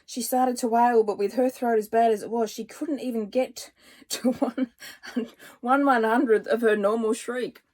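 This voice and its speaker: A woman, a children's author, reading a scene from her own book aloud with expressive narration. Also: fairly high pitch, normal speed. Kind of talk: storybook reading.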